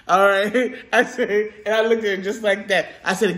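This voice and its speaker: Woman, mukbang vlogger from California, casual to-camera storytelling; animated, laughs often. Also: medium pitch, a little fast. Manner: animated, laughs often, quotes herself in retellings.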